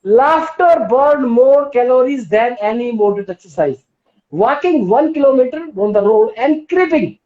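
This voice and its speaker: Captured through a phone or laptop mic, the audio sounds roomy, dull and lo-fi. The speaker is a woman with an Indian English accent leading a yoga session on a live stream, persuasive and constantly questioning her audience. Her slightly high voice is animated and dark-toned, at a normal pace.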